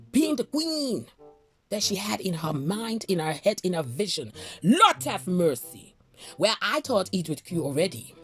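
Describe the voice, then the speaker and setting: A woman's voice: medium pitch, a bit bright, husky. A woman vlogger giving ranting gossip commentary, outspoken and indignant, with frequent exclamations. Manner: outspoken, indignant, exclaims "Lord have mercy".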